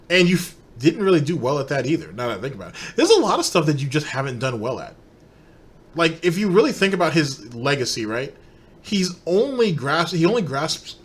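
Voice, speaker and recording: A man's voice: fairly high pitch, husky. A man hosting a commentary show, mocking and laughing at the person in the clips he is reacting to. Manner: sarcastic, laughing at the subject. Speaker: commentary host.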